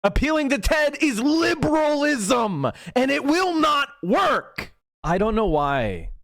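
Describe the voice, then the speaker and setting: A man on a livestream rants with angry, profane emphasis. His voice sits high for a man and swings widely up and down as he hammers each point. The sound is close and dry, with no room around it. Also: sing-song, slow pace, gravelly, a bit bright, no echo. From Pennsylvania. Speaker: political livestream host. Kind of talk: heated livestream rant.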